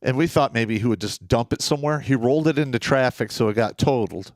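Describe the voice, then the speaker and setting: A man's voice: mid-range voice, fast talker, no echo, studio quality. A man co-hosting a live podcast, telling a story in a blunt, profane, casual way. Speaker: podcast co-host.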